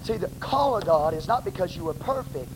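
A man with a Texan accent, preaching a sermon as pastor in a blunt, plain-spoken way, bursting into shouts. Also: high-pitched, animated, brisk. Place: church sanctuary. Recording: noisy live church recording.

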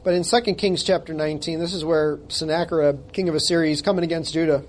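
High-voiced male pastor preaching. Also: fairly even intonation, quick pace, a little hiss or hum. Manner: emphatic, conversational, jokes at himself. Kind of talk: sermon with scripture reading.

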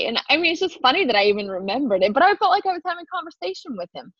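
A woman co-hosting a faith podcast, telling a story in an animated way and acting out the dialogue. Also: sits high, fast, no echo, lo-fi sound. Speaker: podcast co-host. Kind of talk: casual faith podcast chat.

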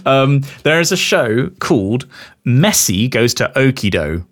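A man's voice: mid-range voice, unhurried. A young man from England co-hosting a casual podcast chat, laughing often and joking. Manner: animated, laughs often, jokey. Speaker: podcast co-host.

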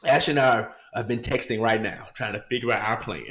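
A man chatting on a podcast, telling family stories in an animated way and laughing often. His voice sits at an ordinary pitch and sounds roomy, with a faint hiss of noise behind it. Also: brisk. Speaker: podcast co-host. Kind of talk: casual chat.

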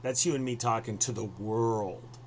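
A man's voice: fairly low pitch, normal speed, slight background noise. A man hosting a podcast over a video call, rambling with many fillers and restarts. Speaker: podcast host.

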